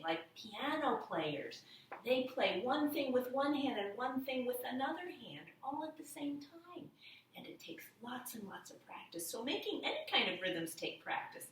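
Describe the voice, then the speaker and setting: A woman's voice: fairly high pitch, animated, moderate pace, pushed and bright, distant mic, a little hiss or hum. A woman teaching young children rhythm at home, chanting and counting the beats in a sing-song way. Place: at home, indoors. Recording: echoey room, voice a little off-mic.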